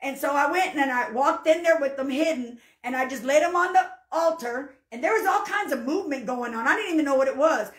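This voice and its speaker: A woman's voice: high-pitched, brisk, few pauses, echoey room. A woman preacher telling a personal testimony in a folksy, fervent way, often breaking into cries of hallelujah. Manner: folksy storyteller. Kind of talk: spoken testimony and sermon.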